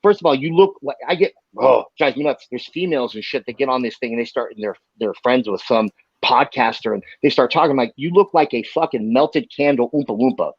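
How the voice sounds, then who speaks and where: A man from the United States, a bare-knuckle fighter guest, ranting in a heated, profane, rapid-fire way during an interview. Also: mid-range voice, slightly rough, no echo, dull audio.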